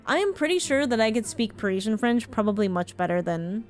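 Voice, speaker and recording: A woman's voice: fairly high pitch, very animated, a little fast, faint music behind. A woman from Ontario in Canada, chatting frankly and casually with her viewers while she streams a game, swearing now and then. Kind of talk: casual live-stream chat while gaming.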